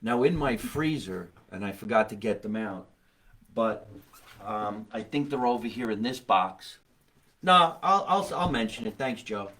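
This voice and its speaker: A man's voice: fairly low pitch, lively intonation, unhurried, a bit bright. Joking man. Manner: joking, self-deprecating. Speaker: host. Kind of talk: casual chat.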